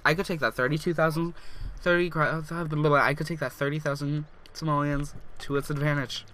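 A young man narrating a life-simulation game, reading its text aloud with slips and gushing with excitement. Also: a little high, fairly quick, a little hiss or hum. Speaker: gaming YouTuber. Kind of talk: let's play commentary.

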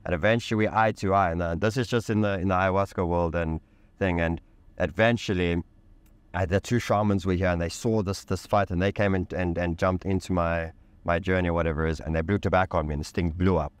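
A man's voice: low-pitched, steady tone, fairly quick, smooth, no room sound. A man speaking as a podcast guest, telling a candid personal story with intense emphasis, casual slang and swearing.

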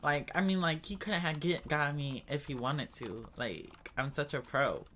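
A man's voice: on the high side, a little slow, pushed and bright, slight background noise. A man giving casual, dramatic gaming commentary, chatting to his viewers as y'all and breaking into screams when scared. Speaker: gaming streamer.

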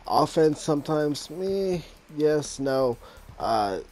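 A man in his thirties narrates his football video game at an unhurried pace. His pitch moves around a lot as he shifts between low grumbling asides and loud, exasperated, swearing outbursts. Faint game music sits behind his voice. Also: lively intonation. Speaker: gaming YouTuber playing a football video game. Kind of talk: casual live gameplay commentary.

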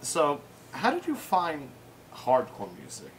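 A man's voice: a little high, huge pitch swings, takes it slowly, a little hiss or hum. An American man hosting a casual chat, rambling through anecdotes with plenty of fillers. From United States. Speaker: host. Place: home room with pets.

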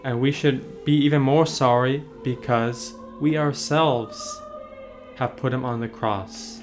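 A man, a priest, leading a catechism meditation on a painting, gently asking the listener questions and answering them. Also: medium pitch, steady tone, slow pace, over music.

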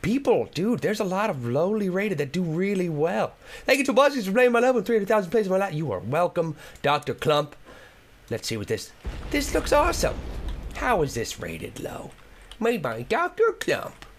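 A young man doing excitable, joking let's play commentary, often shouting and yelping. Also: high voice, normal speed, slight background noise. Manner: excitable, shouts and yelps, jokey. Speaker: gaming commentator.

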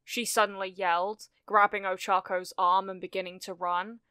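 A woman reading a fan fiction story aloud in steady, measured narration on a close microphone. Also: medium pitch, smooth, no echo. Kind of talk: scripted narration.

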